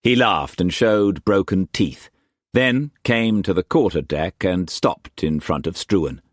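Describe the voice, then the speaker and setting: A man narrating an audiobook in a measured, expressive storytelling manner. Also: deep voice, dry recording, studio quality. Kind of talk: scripted narration.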